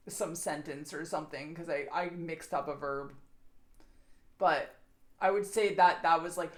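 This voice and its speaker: A young adult woman streamer chatting casually with her viewers, rambling and swearing freely. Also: fairly low pitch.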